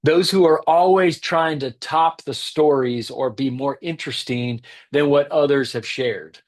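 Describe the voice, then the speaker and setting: A man's voice: on the high side, unhurried. A man giving an earnest teaching talk on leadership who stresses his key points by repeating them.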